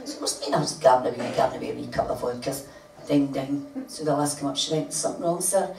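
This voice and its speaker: A woman's voice: rumbling low, steady tone, fast, vocal fry, slight background noise. An older woman telling a comic, rambling anecdote to a live audience, laughing as she goes. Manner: chatty, laughing, rambling storytelling. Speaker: storyteller. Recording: echoey room heard from far off. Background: loud room ambience.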